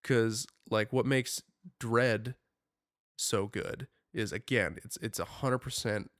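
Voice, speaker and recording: A young man co-hosting a podcast in casual chat, rambling and animated with lots of filler words. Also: fairly low pitch, slow, no echo, clean studio sound. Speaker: podcast co-host.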